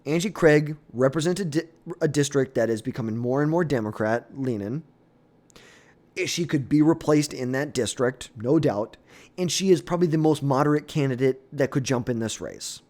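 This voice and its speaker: A man's voice: mid-range voice, normal speed, darkish tone. A young man giving blunt, opinionated political commentary in a casual, off-the-cuff way, often trailing off and restarting.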